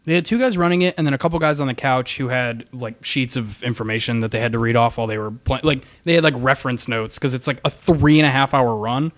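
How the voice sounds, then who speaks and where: A man's voice: medium pitch, quick pace, hardly any pauses. Blunt critical podcast man. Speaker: podcast guest. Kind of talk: casual podcast banter.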